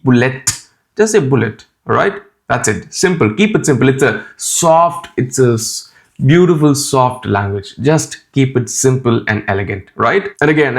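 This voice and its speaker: Here a YouTuber with a mid-range voice walks through a casual tutorial, chatty and direct. He's a man with an Indian accent whose first language is Tamil, and "man" and "right?" pop up often in his speech.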